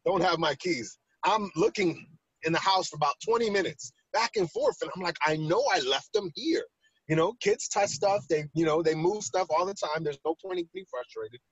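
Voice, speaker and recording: A man casually telling a personal story on a talk show, animated and acting out the quoted lines. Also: high-pitched, moderate pace, slightly rough, dry recording, lo-fi sound. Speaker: podcast co-host.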